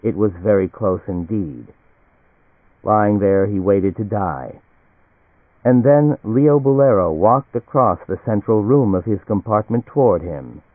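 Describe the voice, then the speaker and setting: A man narrating a novel in a measured audiobook reading. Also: lowish voice, animated, no room sound. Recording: tinny, phone-like and dry.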